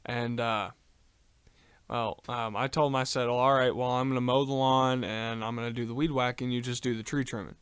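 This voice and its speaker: A man's voice: mid-range voice, level tone, fairly quick, a bit bright, smooth, no room sound. A man co-hosting a casual podcast, telling a long story with lots of ums and uhs and casual swearing. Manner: rambling, many ums and uhs, swears freely. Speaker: podcast co-host.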